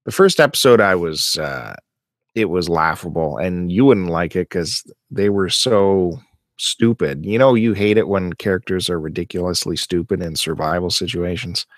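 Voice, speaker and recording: Low-voiced man, casual podcast host. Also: moderate pace, dry recording, studio quality. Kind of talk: casual chat.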